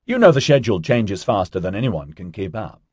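Man reading as a quiet cautious woman, husky, dry sound. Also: lowish voice, sing-song, fairly quick, no echo. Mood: subdued. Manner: subdued, quiet. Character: subdued, cautious young woman.

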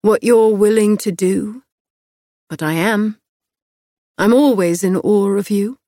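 A woman reading an audiobook, voicing a tall young man who speaks low, hushed and intimate, tender and intent. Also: slow, dry recording, studio quality, lightly acted.

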